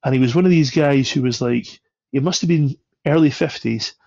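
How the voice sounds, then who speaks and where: A man's voice: mid-range voice, brisk, vocal fry, darkish tone, no room sound. A man on a podcast, telling a travel anecdote with swearing and laughter. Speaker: podcast guest. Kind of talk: casual storytelling. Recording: dull, lo-fi sound.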